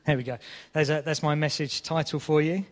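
Animated male preacher in a reverberant hall. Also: fairly high pitch, a little fast. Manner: animated storytelling, mock exasperation. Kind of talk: sermon.

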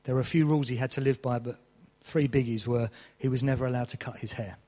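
A man's voice: mid-range voice, fairly even intonation, quick pace, mellow, in a large hall. A man preaching a sermon, telling a story with mock exasperation.

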